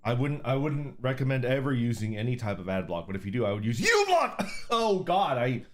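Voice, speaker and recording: A man's voice: medium pitch, big pitch swings, a little fast, soft background music. A man streaming under an orc persona, casually chatting with viewers, reading super chats, laid-back and profane, laughing often.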